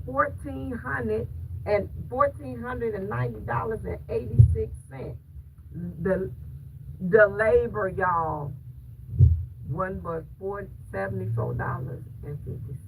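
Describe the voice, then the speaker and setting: Woman vlogger, slow and preachy, keeps checking in with viewers; gravelly tone. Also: mid-range voice. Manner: emphatic, preachy, keeps asking if viewers hear her. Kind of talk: casual storytelling to viewers. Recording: distant mic with clear background noise.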